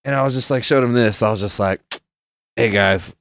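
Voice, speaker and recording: A man's voice: mid-range voice, quick pace, smooth, no echo. A young man hosting a podcast, chatting casually in a rambling, profane way with lots of filler words and acting out the people in his stories. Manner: loose storyteller who plays out the people in his stories. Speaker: podcast host. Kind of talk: casual chat.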